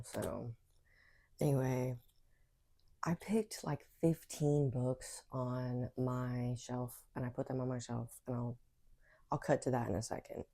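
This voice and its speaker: Hiccups keep bothering this book vlogger as she chats casually from her bedroom at home, rambling with many fillers and asides. She has a mellow bass voice.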